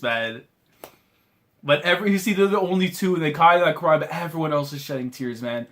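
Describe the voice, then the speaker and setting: A man's voice: on the high side, a little fast, a bit bright. Emotional young man reacting to manga. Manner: emotional, repeats "man" and "bro", pleading outbursts. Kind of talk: emotional live reaction commentary.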